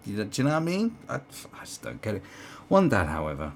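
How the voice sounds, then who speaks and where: Gravelly, deep-voiced British man ranting. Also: huge pitch swings, fast talker, a little hiss or hum. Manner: sarcastic, swearing, many ums and restarts. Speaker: commentary vlogger. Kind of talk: ranting video commentary.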